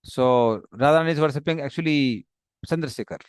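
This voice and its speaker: A man's voice: medium pitch, a little fast, clear, resonant tone, dry recording, studio quality. A man teaching a scripture class, explaining the text with many fillers and restarts. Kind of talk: explaining a text, paraphrasing dialogue.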